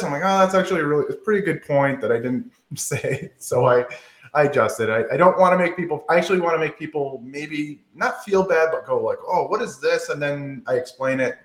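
A man speaks as a podcast guest with a laid-back, self-mocking ease and laughs readily. His voice sits at an ordinary middle pitch. It carries a noticeable roomy echo. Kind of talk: casual podcast interview.

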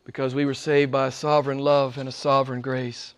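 Preaching to his church at a fairly quick pace, a pastor speaks in a clean, mid-range voice with a level tone. He's emphatic in this church service sermon, often repeating phrases and asking the congregation "right?"

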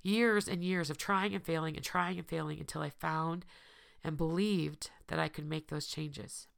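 Hoarse, gravelly woman speaking earnestly. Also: low voice, fairly even intonation, moderate pace. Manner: earnest, repeating phrases for emphasis. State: hoarse, tearful. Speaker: podcast host and recovery coach. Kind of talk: heartfelt personal address to listeners.

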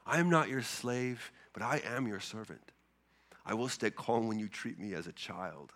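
A man's voice: on the low side, normal speed, fairly bright tone. Man preaching a conversational sermon. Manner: conversational, repeats words and restarts, earnest. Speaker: pastor.

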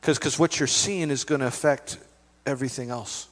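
A middle-aged man preaching as a pastor, conversational and animated, telling stories with asides to the congregation. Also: medium pitch, moderate pace. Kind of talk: sermon. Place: church hall. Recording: long reverb of a church hall.

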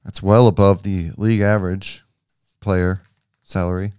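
A man's voice: low voice, level tone, moderate pace, darkish tone, clear, resonant tone, no room sound, studio quality. A man co-hosting a casual basketball podcast, loose and joking, with easy swearing. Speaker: podcast co-host.

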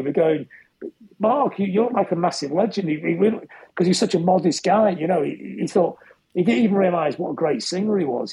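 Rambling, husky-voiced man. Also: high-pitched, dark tone, rough recording. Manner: chatty, rambling anecdotes with frequent laughs and restarts. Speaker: interview guest, musician and author. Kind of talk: casual storytelling interview.

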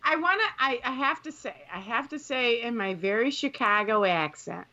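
A woman co-hosting a casual chat, loud, excitable and quick to swear and laugh. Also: a little high, highs cut off. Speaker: podcast co-host.

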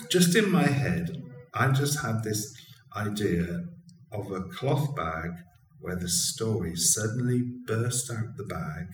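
A man's voice: on the low side, slight background noise. A man, an educational consultant and storyteller, talking expressively and earnestly as an interview guest. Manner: expressive, earnest, with frequent restarts. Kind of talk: conversational interview. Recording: roomy, distant mic with faint ambience.

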